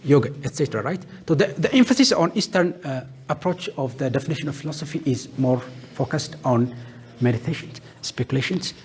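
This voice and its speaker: A man's voice: on the high side, expressive, a little mellow, slight background noise. A man giving a classroom lecture, listing terms one by one and answering his own questions. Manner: asks questions and answers them himself; lists terms one by one with pauses.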